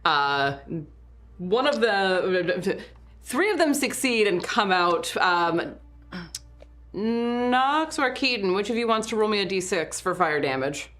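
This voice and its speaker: A woman running a tabletop game as game master, relaxed and unhurried, with many fillers. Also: medium pitch.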